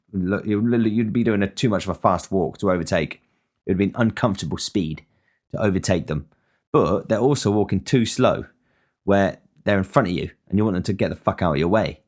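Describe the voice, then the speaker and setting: A man's voice: fairly low pitch, darkish tone. A man talking alone in a casual monologue as a podcast host, rambling and frank and swearing often.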